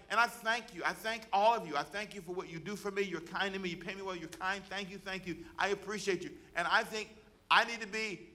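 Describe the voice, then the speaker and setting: A man's voice: high voice, a little fast. A man, a pastor, preaching a sermon and calling on the congregation to repeat words back to him. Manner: preaching with call-and-response to the congregation; loud, rising exhortation.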